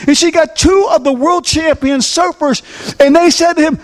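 A man's voice: very high voice, steady tone, normal speed. A man preaching a sermon, telling a story with emphasis and asking the congregation questions.

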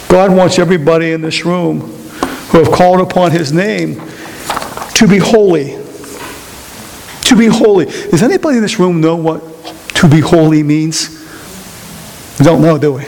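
A man preaching a sermon to a congregation, repeating key phrases and questioning the audience in a slow, emphatic delivery. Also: a little high, vocal fry, darkish tone, a little hiss or hum. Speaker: pastor. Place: church sanctuary. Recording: long hall reverb.

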